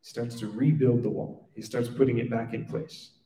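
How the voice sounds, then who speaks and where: A man's voice: mid-range voice, steady tone, moderate pace, warm tone, echoey room, distant mic, low-quality recording. A man teaching in a conversational storytelling way, acting out the dialogue and often checking in with "right?". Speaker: religious teacher. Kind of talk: storytelling sermon.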